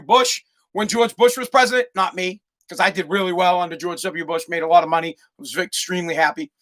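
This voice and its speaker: A man, hosting a podcast as a sarcastic, excitable, profane comic rant that often breaks into shouting. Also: extremely high pitch. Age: 40s. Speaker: podcast host. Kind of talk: comedic rant.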